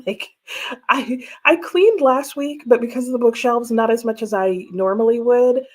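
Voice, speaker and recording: A woman's voice: fairly high pitch, moderate pace. Chatty woman streaming from home. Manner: chatty, laughs often, reads out viewer comments. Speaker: livestream host. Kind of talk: casual livestream chat. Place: home room with bookshelves.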